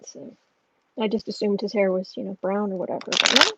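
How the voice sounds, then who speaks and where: A woman's voice: medium pitch, fairly even intonation, fairly quick, noisy background. A woman reading astrology and tarot on a casual home livestream, musing and thinking aloud as she goes.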